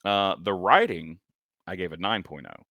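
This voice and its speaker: A deep-voiced man in his forties, bright and forceful, chatting casually about comics on a podcast. He hesitates a lot, stacking ums and restarts. The sound is close and dry. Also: expressive, normal speed, no echo, lo-fi sound. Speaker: podcast co-host. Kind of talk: casual comic review chat.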